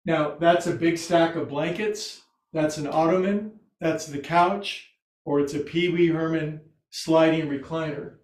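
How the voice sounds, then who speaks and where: A man's voice: a little high, steady tone, unhurried, a little mellow. A man teaching a restorative yoga class at home, talking in a chatty, joking way with self-mocking asides. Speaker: yoga instructor. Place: home room with couch and recliner. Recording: echoey room.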